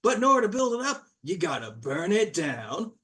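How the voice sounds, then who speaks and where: A man's voice: high-pitched, big pitch swings, moderate pace, fairly bright tone, husky, distant mic, pitched above the performer's own voice, exaggerated voice. A man voicing a boastful dwarf who hosts a renovation show, in brash TV-host patter.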